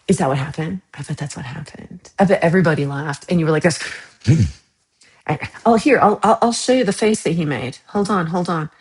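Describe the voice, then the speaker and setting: Woman from Texas, livestream host, casual chat with viewers, teasing and playfully outraged, lowish voice. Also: lively intonation, moderate pace, a little mellow.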